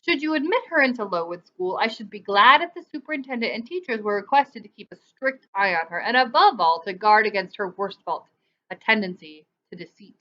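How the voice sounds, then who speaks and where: A woman's voice: medium pitch, animated, fairly quick, bright, forceful tone, highs cut off. A woman voicing a cold, haughty middle-aged aunt who speaks with disapproval.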